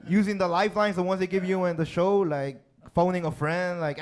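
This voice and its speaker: A man's voice: high-pitched, fairly even intonation, brisk, hardly any pauses, smooth. A male stand-up comedian from Chicago, telling stories on a club stage and tagging his lines with "right?" and "man". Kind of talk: stand-up set.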